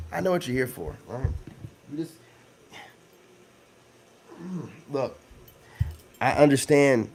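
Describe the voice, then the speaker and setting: A man's voice: medium pitch, a little mellow. Slangy, easygoing male streamer. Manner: loose, slangy, full of "you know what I'm saying" fillers. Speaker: live-stream host. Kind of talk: casual live-stream chat.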